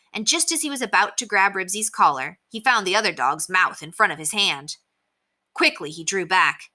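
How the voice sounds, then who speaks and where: A woman teacher reading a children's chapter book aloud in an expressive storytelling manner. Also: on the low side.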